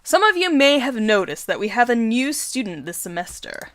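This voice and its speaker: Female reader as strict teacher, calm and formal, slightly high. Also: normal speed, no echo, faint music behind.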